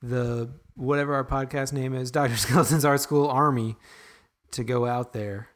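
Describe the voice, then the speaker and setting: A man's voice: mid-range voice, steady tone. Rambling young man on a podcast. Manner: rambling, self-deprecating, halting restarts. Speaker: podcast co-host. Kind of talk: casual podcast chat.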